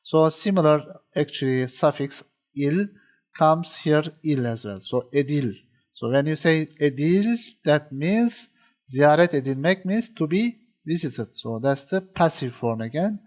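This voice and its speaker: A man's voice: a little high, lively intonation, unhurried, darkish tone, muffled recording. Patient male grammar teacher. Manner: patient, repeats points, many fillers. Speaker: Turkish language teacher. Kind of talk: explaining grammar to viewers.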